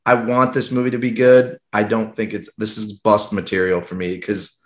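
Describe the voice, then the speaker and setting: A man's voice: on the low side, level tone, moderate pace, echoey room. A man co-hosting a casual chat, with teasing and skeptical remarks. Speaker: podcast co-host.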